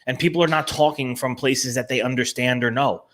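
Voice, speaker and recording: A man's voice: medium pitch, steady tone, fairly quick, a bit bright, a little hiss or hum. A man with a New Jersey accent hosting a casual live show, talking with energy and emphasis and often repeating words. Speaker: show host.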